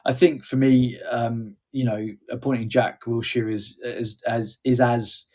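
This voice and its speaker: A man's voice: mid-range voice, level tone, unhurried, a little mellow. A man co-hosting a podcast, asking questions in a joking, teasing way. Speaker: podcast co-host, interviewer. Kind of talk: casual chat.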